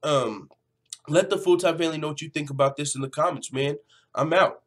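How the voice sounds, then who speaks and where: Man, slightly high voice, casual vlog commentary, animated, profane. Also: a little fast. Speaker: MMA news channel host.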